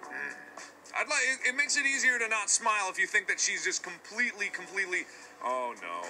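A man's voice: sits high, big pitch swings, brisk. A man hosting a reaction video, reacting casually with mock-grumpy, sarcastic denials. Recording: music over the voice.

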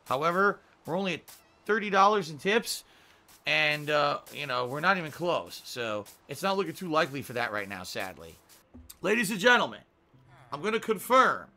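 A man hosting his own livestream in casual chat, animated and talkative, jumping from loud outbursts to low grumbles. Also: a little fast. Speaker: livestream host.

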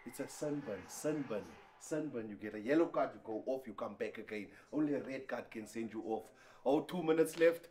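A man excitedly cheering and explaining the rules while watching a match, in an exuberant, teasing manner. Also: medium pitch, a little fast, hardly any pauses.

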